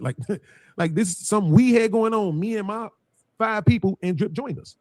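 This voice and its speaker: A man's voice: sits high, normal speed, a little mellow, no room sound, studio quality. A man who runs a panel show, talking bluntly with heavy swearing and acting out what people said. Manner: blunt, profane, acts out quotes. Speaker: panel host. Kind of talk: casual panel talk.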